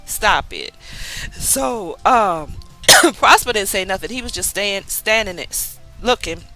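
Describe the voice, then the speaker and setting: A woman's voice: mid-range voice, expressive, a little slow, sharp tone, soft background music, rough recording. A woman casually recapping a TV episode, chatty, with lots of fillers and asides. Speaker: TV recap vlogger.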